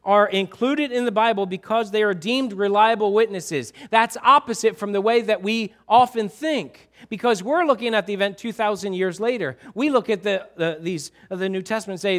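Conversational male preacher, lively delivery. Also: sits high, normal speed, few pauses. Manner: conversational, asks the congregation questions, repeats himself. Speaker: pastor. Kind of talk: sermon.

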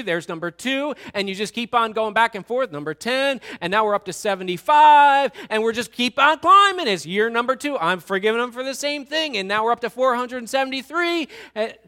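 A male pastor preaches in a conversational, animated way, swinging between loud, eager bursts and hushed asides. His voice sits high for a man. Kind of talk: sermon.

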